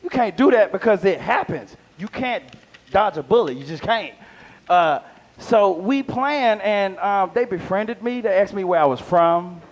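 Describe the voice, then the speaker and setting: Man, high-pitched, stand-up comedian, chatty with the audience, live venue. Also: a little slow, highs cut off. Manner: animated crowd work, talks to audience.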